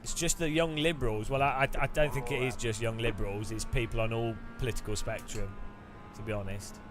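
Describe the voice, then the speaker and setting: A man's voice: mid-range voice, fairly even intonation, a little fast, over music. A British man from the UK chatting casually while sim racing, rambling and joking with many restarts. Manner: rambling, joking, self-interrupting. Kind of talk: casual live-stream chat.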